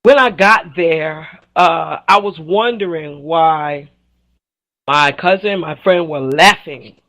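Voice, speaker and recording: A woman's voice: deep voice, takes it slowly, rough recording. A woman guest on a radio talk show, sassy and outspoken, telling stories with lots of laughter and acting out the people in them. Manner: animated storyteller, laughs often, acts out the people in her stories. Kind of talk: casual radio interview chat.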